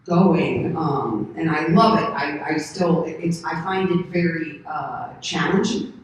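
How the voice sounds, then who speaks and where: A woman in her thirties from the United States, a convention panel guest answering questions in a rambling, animated way and laughing often. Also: low-pitched, takes it slowly. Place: large convention hall. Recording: echoey hall from far off, faint noise.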